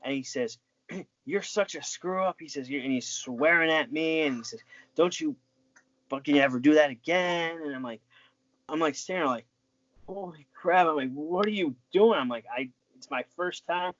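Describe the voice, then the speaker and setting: A man's voice: on the high side, normal speed, a bit bright, dry recording, dull audio. Man telling a rambling story. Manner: rambling, with many restarts and fillers. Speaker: interview guest, former wrestling referee. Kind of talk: casual storytelling.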